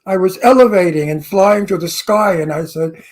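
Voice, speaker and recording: A man's voice: sits high, moderate pace. An older male co-host, telling a story in a theatrical, reminiscing way. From Brooklyn. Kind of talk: casual chat.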